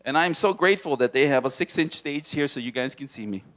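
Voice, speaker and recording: A male stand-up comedian from Hawaii performs fast in a small comedy room on a handheld mic. He's playful and animated, often slipping into silly character voices and a deep movie-trailer voice.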